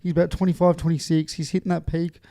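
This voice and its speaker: Young Aussie male co-host, slightly high mellow voice, quick banter, swears. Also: level tone. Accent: Australian. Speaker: podcast co-host. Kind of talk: casual sports chat.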